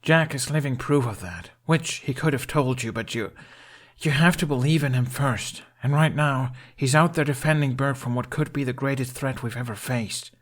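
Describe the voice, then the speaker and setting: A man's voice: mid-range voice, normal speed, voice pushed up, lightly acted. A man voicing Hiccup, a frantic young Viking. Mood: exasperated. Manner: pleading, urgent, raised voice.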